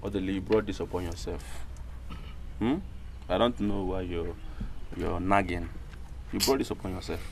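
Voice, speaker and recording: Man as a teasing friend, Nigerian accent, loud, scolding, noisy outdoor sound. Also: sits low, fairly even intonation, moderate pace, vocal fry, long pauses. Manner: mocking, loud. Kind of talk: film drama.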